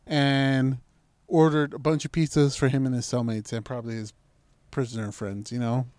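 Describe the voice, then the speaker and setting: A man's voice: a little high, fairly even intonation, brisk, dry recording. A man telling a story in casual chat, acting out his own past lines and swearing freely.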